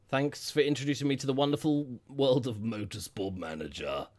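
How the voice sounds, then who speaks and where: A man's voice: medium pitch, lively intonation, normal speed, darkish tone. A man hosting a casual live stream from home, jokey and rambling, humming filler sounds while he chats.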